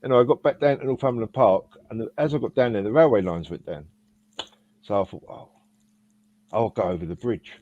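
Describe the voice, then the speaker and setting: A man tells a rambling story in casual podcast chat, often restarting his sentences. His voice sits a little low. The recording sounds dull and lo-fi. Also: brisk, a little mellow. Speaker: podcast panelist. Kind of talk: casual anecdote.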